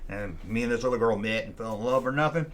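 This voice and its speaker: A man's voice: mid-range voice, fast talker. A man hosting his channel, telling a childhood story in a rambling, folksy way and often repeating himself. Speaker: channel host. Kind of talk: casual storytelling.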